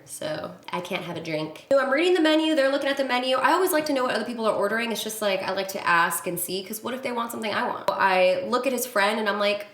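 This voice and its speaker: A young adult woman vlogger telling a story to camera in a casual, animated and exasperated way. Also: mid-range voice, roomy sound. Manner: animated, exasperated retelling with acted quotes.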